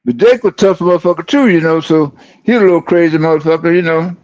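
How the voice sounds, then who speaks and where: An older man telling a hunting story in casual chat, animated and cussing, acting out the quotes. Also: on the high side, fast, muffled recording. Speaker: guest storyteller.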